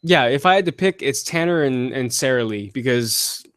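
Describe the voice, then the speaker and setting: A man hosting a casual podcast, answering listener questions with blunt, profane and animated opinions. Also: mid-range voice, normal speed, smooth, no echo, clean studio sound. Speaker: podcast host. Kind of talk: casual wrestling podcast chat.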